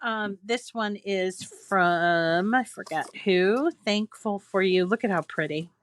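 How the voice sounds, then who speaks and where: A woman's voice: medium pitch, takes it slowly. A woman hosting a crafting channel, chatting casually and gushing as she reads holiday cards from viewers aloud at home. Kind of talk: casual chat reading viewer mail.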